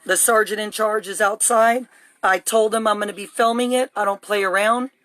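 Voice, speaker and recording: Upset woman on a phone livestream at home, rambling fast and urgent, dry close sound. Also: mid-range voice, fairly even intonation, a bit bright, dry recording. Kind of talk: live phone stream. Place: home, indoors.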